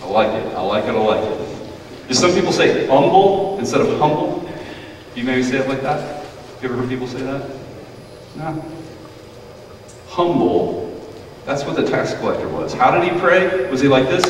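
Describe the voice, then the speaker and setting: A man's voice: medium pitch, very animated, normal speed, long pauses, a little hiss or hum. A male pastor giving a playful children's sermon, now and then putting on quoted voices. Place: church sanctuary. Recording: echoey church hall, mic far off.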